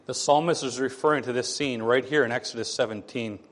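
A man's voice: medium pitch, a little fast. Man preaching in a reverberant hall. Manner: animated preaching, acting out sarcastic voices of others. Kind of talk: sermon.

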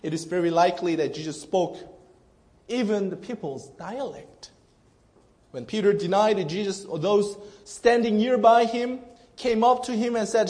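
A man's voice: high voice, expressive, normal speed, a little mellow. A male pastor preaching an earnest, emphatic sermon to a congregation, often restarting his phrases.

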